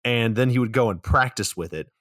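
A man co-hosting a podcast, casually recapping a movie in a rambling, relaxed way with some swearing. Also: medium pitch, brisk, no echo, studio quality. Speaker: podcast co-host.

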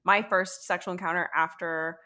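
Young woman, podcast host, chatty and relaxed, swears freely. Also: fairly low pitch, normal speed. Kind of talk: casual chat.

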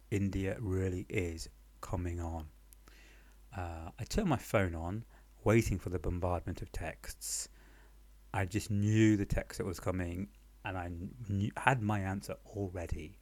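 Brief: young man, low voice, dry deadpan storyteller, close dry sound. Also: no echo. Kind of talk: comic monologue storytelling. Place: home apartment.

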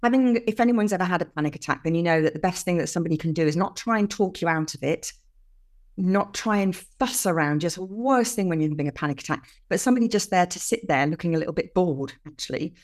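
An older woman, a podcast guest explaining things earnestly with lively emphasis in casual conversation. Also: on the low side, fast talker.

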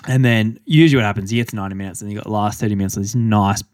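Laid-back man, lower voice. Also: fairly even intonation, very fast, darkish tone, no echo, clean studio sound. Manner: rambling, lots of "like" fillers. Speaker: podcast co-host, elite runner. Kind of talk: casual chat.

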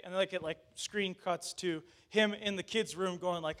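High-voiced pastor preaching a lively sermon. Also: male voice, normal speed, hardly any pauses. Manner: animated, addresses the congregation directly; conversational asides with restarts.

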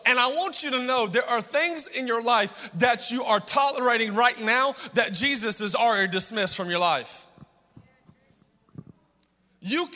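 A male pastor preaches an impassioned sermon, calling on the congregation to respond in call-and-response fashion. His voice is very high, pushed and bright, with long hall reverb on the recording.

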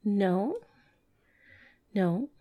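A woman's voice: medium pitch, lively intonation, extremely slow, narrow, tinny audio. A woman co-hosting a podcast, chatting casually with dry, wry remarks. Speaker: podcast co-host. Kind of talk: casual chat.

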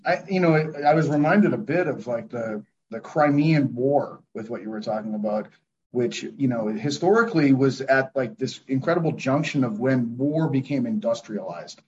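A man's voice: mid-range voice, normal speed, a little mellow. A man hosting a podcast, musing in a rambling, reflective way and swearing casually. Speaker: podcast host. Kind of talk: casual interview chat. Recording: dull lo-fi recording.

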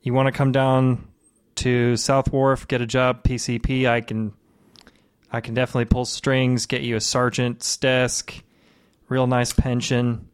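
A man's voice: mid-range voice, little pitch movement, a little slow, clean tone, natural voice. A man voicing a wounded male police officer who talks bluntly and curses offhandedly. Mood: casual. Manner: cursing, offhand, rambling.

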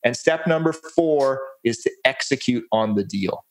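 A man's voice: mid-range voice, animated, a little slow. A man presenting a real estate case study on a webinar, upbeat and folksy, walking through steps. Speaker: guest presenter.

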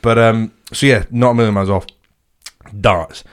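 A man's voice: lowish voice, steady tone, normal speed, clear, resonant tone. A young Scottish man, a comedian co-hosting a podcast, rambling and swearing in casual banter. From Scotland. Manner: rambling, swears freely, restarts a lot.

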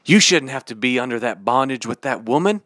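A man voicing a smooth-talking pastor who soothingly approves of wrongdoing. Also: mid-range voice, expressive, fairly quick, fairly bright tone, no echo, clean studio sound, voice pushed down, natural voice. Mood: coaxing.

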